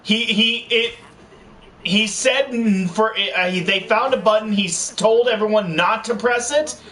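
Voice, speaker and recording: A man's voice: high voice, unhurried, sharp tone. A young man co-hosting a gaming video in casual chat, rambling with many restarts and fillers. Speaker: co-host of a gaming channel. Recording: distant mic with faint noise.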